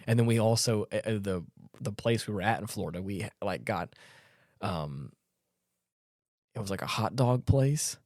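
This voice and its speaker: A man's voice: lowish voice, animated, moderate pace, long pauses, darkish tone, dry recording, clean studio sound. A man co-hosting a podcast, chatting casually, rambling with many stammered restarts and frequent laughs. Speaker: podcast co-host. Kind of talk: casual chat.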